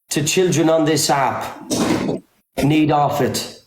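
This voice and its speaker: A man's voice: on the high side, steady tone, takes it slowly, echoey room, rough recording. A man hosting a livestream, talking emphatically and repeating himself for stress. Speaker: livestream host. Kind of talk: campaigning livestream talk.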